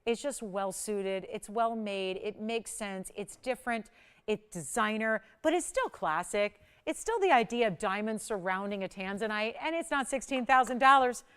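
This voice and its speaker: A woman presents jewelry on a live TV shopping channel, gushing over each piece and pushing viewers to call in. Her voice is smooth and clear, sitting at an ordinary pitch for a woman. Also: moderate pace. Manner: effusive, gushing, urgent selling. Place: TV studio.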